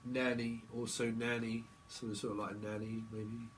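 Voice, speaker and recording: A man talks through a tarot reading off the cuff, in a medium-pitched voice. He rambles and jokes, slipping into little acted-out conversations. A faint noise sits behind him. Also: level tone, normal speed. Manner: rambling, joking, acting out imagined dialogue in voices; frequent fillers and laughter. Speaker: tarot reader.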